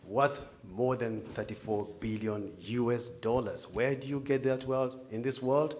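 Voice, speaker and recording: A man, a communications director, moderating a formal press conference with ceremonial, upbeat introductions and pauses. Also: mid-range voice, steady tone, darkish tone. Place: large conference hall.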